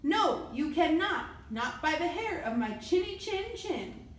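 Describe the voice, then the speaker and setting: A woman's voice: very high-pitched, very animated, a little slow, heavily acted. A woman voicing a small, timid male little pig who squeals for help, in a storybook reading recorded in an echoey room. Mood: proud. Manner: squealing cries for help, proud then panicked.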